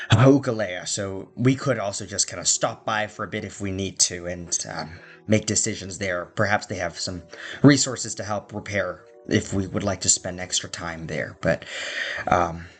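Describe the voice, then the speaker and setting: A man's voice: low voice, normal speed, a bit bright, breathy edge, soft background music. A man narrating a tabletop game as game master and speaking for the figures, loose and hesitant, with many fillers.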